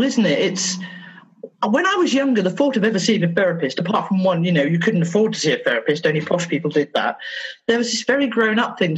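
A woman therapist talks in a podcast interview, her slightly husky voice swinging widely up and down as she tells stories. She acts out little exchanges with children along the way. The audio is a bit dull and lo-fi. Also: lowish voice. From England. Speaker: therapist guest.

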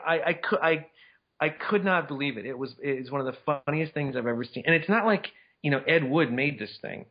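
Guy with a husky, slightly high voice, worked up and incredulous, lo-fi sound. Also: brisk. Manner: excitable, incredulous, rambling with restarts. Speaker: podcast co-host. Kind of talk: casual movie chat.

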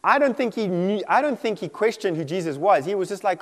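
Preacher with a high voice in a reverberant hall. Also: male voice, a little fast. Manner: animated, acts out quoted voices, laughs often. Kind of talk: sermon.

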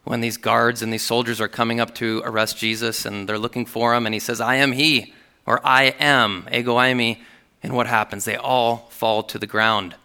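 A man's voice: mid-range voice, flat delivery, normal speed, sharp tone, clean tone. A man preaching a sermon, reading scripture aloud with earnest emphasis.

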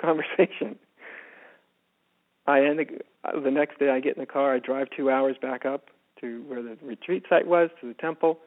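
Soft-spoken man on a tinny phone line. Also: on the high side. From United States. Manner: soft-spoken, often drops to a hushed voice. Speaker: spiritual teacher, guest. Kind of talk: reflective personal storytelling.

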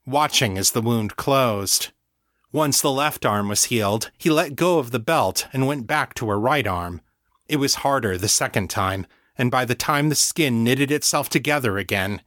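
A man narrating fiction in an unhurried, expressive storytelling manner. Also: mid-range voice, no room sound, studio quality. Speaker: audiobook narrator.

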